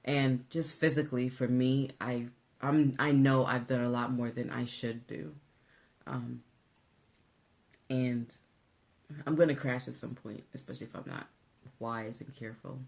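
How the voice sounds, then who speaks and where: A woman co-hosting a casual weight-loss vlog, animated and laughing, tired from a busy week. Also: measured pace, creaky, long pauses. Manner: animated, laughing, rising pitch when exasperated. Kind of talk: casual chat.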